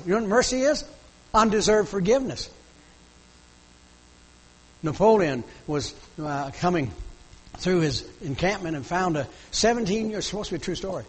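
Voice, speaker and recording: Middle-aged male pastor, fervent sermon delivery, husky tone. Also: high voice, big-room sound, poor audio. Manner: fervent, pleading preaching.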